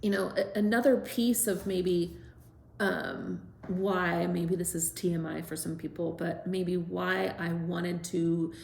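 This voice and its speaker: A middle-aged woman, a lactation consultant, gently telling a personal story with many fillers. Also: on the low side, fairly even intonation, slow, creaky, reverberant, slight background noise.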